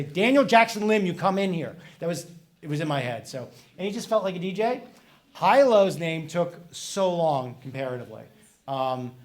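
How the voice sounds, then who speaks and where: Casting: man with a slightly high voice, animated and chatty, answering audience questions at a library talk. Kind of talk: casual public talk. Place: library event room with audience.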